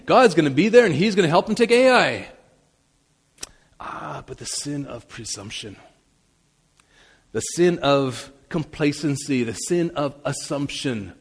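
A male pastor preaching a sermon, swinging between loud emphasis and soft asides. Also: on the high side, long reverb tail.

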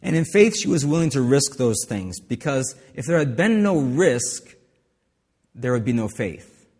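A man's voice: mid-range voice, very animated, unhurried, darkish tone, husky, long reverb tail. A man preaching a sermon as pastor, in a conversational way with asides and restarts.

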